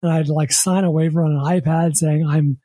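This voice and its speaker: An American man, a podcast host, telling a long story in casual chat, rambling and repeating words, acting out quick quotes. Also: on the high side, steady tone, dark tone, no echo.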